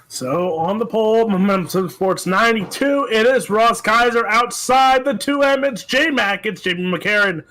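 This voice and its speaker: A man giving joking, quick play-by-play commentary on a sim race. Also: high-pitched, pushed and bright, rough recording.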